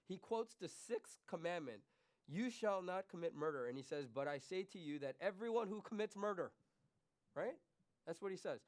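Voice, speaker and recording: A man preaching a sermon as pastor, swinging between quiet, confessional remarks and raised, emphatic questions to the congregation. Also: sits high. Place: church.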